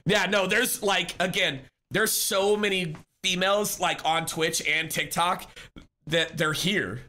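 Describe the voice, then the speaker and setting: A man chatting casually on a live stream, upbeat and talkative as he answers his viewers by name. His voice sits slightly high for a man, with a crisp, bright edge. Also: slow.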